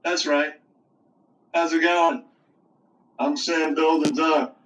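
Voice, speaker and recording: A man's voice: on the high side, level tone, slow pace, fairly bright tone, echoey room, recorded from a distance, highs cut off, slight background noise. A man doing a laid-back duck puppet. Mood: easygoing. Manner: easygoing, repeats his name.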